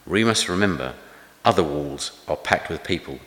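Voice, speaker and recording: Deep-voiced older preacher, echoey hall. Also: male voice, animated, moderate pace. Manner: chatty, self-deprecating, gently humorous. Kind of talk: conversational sermon with anecdotes. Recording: echoey hall with long reverb.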